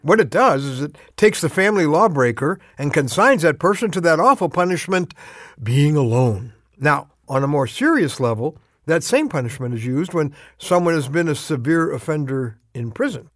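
A man giving a short radio devotional talk, earnest and intimate, slowing down for emphasis. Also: fairly high pitch, expressive, no echo, clean studio sound. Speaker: radio preacher.

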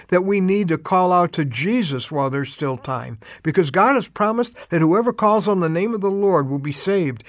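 A heartfelt man delivers a devotional message in a slightly high voice, speaking close to the mic in a dry, deadened space. His storytelling is earnest and emphatic, and he draws out his key phrases. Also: no room sound. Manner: slows down to stress urgent calls to action. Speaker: radio devotional host.

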